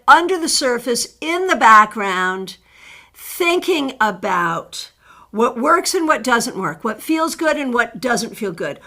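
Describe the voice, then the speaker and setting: A middle-aged woman with a high voice hosts a tarot livestream. She chats warmly, welcoming viewers by name and reading their cards.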